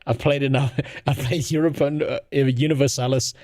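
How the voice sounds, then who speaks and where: A man's voice: mid-range voice, fairly even intonation, moderate pace, darkish tone. A man ranting sarcastically and with a lot of swearing while streaming. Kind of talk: casual live-stream commentary.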